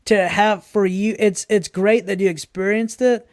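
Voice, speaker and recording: A man's voice: sits high, fairly even intonation, measured pace, no echo, studio quality. A man co-hosting a podcast, speaking in an earnest, agreeable way. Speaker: podcast co-host. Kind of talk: casual chat.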